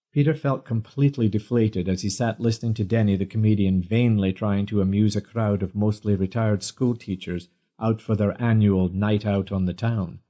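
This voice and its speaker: A man narrating an audiobook in a measured storytelling manner. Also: on the low side, mellow.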